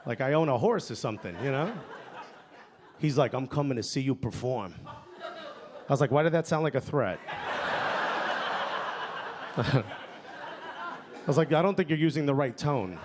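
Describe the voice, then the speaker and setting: A man's voice: medium pitch, expressive, unhurried, pauses often. A man doing a stand-up set on a club stage into a handheld mic. He talks in a chatty way, tags his lines with "you know?" and "okay?", and laughs along at his own jokes. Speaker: stand-up comedian. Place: comedy club stage before a live audience. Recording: live club recording, audience laughter and noise.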